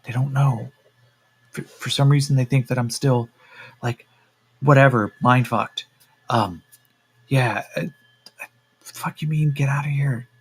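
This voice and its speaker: A man voicing a frightened captive farmer who talks in a hushed, frantic rush and swears a lot. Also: medium pitch, fairly even intonation, unhurried, long pauses, husky. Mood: scared, hushed. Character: frightened male human farmer, captive, panicky.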